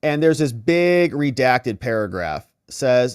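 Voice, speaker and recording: Male legal commentary host, casual, thinking-aloud delivery, animated pitch, dry close sound. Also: normal speed, no echo. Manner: thinking aloud, conversational, with fillers. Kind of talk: casual commentary reading out text messages.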